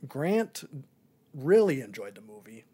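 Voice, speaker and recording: A man's voice: mid-range voice, very animated, a little slow, warm tone, husky. A young man and podcast co-host in a casual movie review chat, rambling with many ums and likes.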